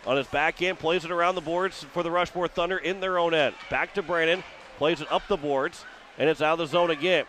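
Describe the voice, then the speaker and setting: A man from Missouri with a fairly high voice calls radio hockey play-by-play, narrating every pass in a quick running patter. His voice climbs and gets louder as a shot develops, and a faint hiss sits under the broadcast. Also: fairly even intonation. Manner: rapid running description, rising with the action. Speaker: play-by-play announcer.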